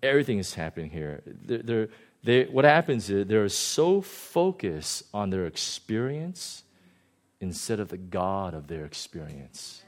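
A male pastor giving a conversational sermon, animated and often chuckling. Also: lowish voice, a little slow.

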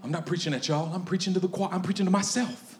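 Animated high-voiced preacher in echoey room. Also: male voice, quick pace. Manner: animated, swings from hushed to shouting, laughs often. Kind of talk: sermon storytelling.

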